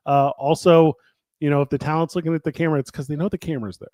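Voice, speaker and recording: A man's voice: fairly high pitch, level tone, very fast, dark tone, no echo. A man hosting a casual chat about a wrestling promotion's year, talking in a rambling way with many fillers and restarts.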